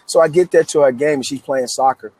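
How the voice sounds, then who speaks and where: A man's voice: mid-range voice, quick pace. A man in his thirties from Memphis, a guest author telling his story in an interview with eager energy and many restarts. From Memphis, United States. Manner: energetic, repetitive restarts, emphatic.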